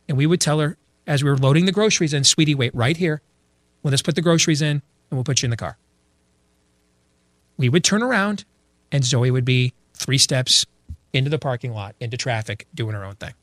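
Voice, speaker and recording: A middle-aged man delivering opinionated religious commentary, blunt and emphatic, who often restarts and repeats himself. His voice sits a bit high for a man. The sound is dry and close. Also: fairly bright tone, no room sound. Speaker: speaker addressing an audience.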